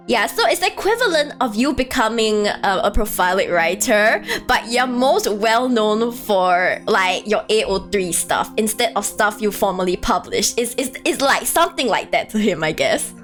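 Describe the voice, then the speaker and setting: A woman chatting casually on a live stream, animated and rambling, breaking into frequent laughter. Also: mid-range voice, unhurried, faint music behind.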